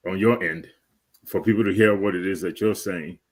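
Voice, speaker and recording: Man, co-host, fairly low voice, relaxed, plain-spoken, video call chat. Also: moderate pace. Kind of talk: casual chat.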